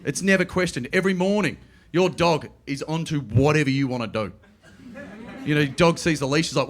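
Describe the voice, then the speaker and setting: A middle-aged man with an Australian accent doing a stand-up comedy routine, telling stories quickly and slipping into playful voices. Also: on the high side, crowd noise. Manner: animated, quick storytelling with playful put-on voices. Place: comedy club stage.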